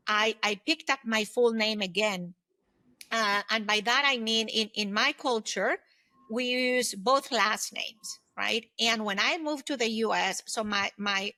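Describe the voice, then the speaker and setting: A woman in her fifties speaks as a podcast guest, her voice bright and forward and pitched a little high. She tells personal stories earnestly and at length. The recording is close and dry, with almost no room sound. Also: dry recording. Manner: earnest, reflective, talks in long anecdotes. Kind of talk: conversational interview storytelling.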